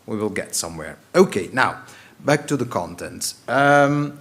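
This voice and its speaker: A man's voice: medium pitch, expressive, measured pace, a bit bright. A man from Belgium, giving a conference presentation on stage in a wry, joking, emphatic way. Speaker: conference speaker.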